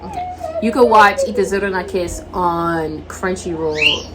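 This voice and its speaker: A woman's voice: lowish voice, measured pace, very noisy. A woman co-hosting a casual talk, retelling a story and acting out the characters' lines. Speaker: podcast co-host. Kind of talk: casual anime discussion.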